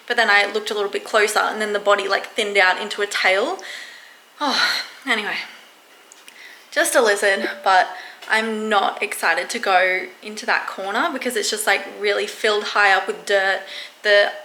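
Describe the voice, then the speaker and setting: A young woman talking casually to camera in her vlog, chatty and self-mocking, quick to laugh. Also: medium pitch, sharp tone, a little hiss or hum. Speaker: vlogger. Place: room at home. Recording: echoey room.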